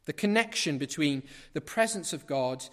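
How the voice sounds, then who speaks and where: A middle-aged man preaching in a church, his fairly high voice carrying with a long hall reverb. He is emphatic and drives his points home by repeating phrases. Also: lively intonation, normal speed, a bit bright. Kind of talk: sermon.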